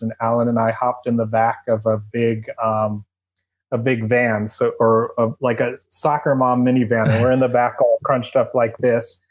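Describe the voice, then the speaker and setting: A middle-aged man talks through his memories as an interview guest, circling back with fillers and false starts. His voice sits at an ordinary middle pitch, and his delivery is loose and conversational. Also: a little mellow. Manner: rambling, many restarts and fillers. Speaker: guest, former eBay employee. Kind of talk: casual interview storytelling.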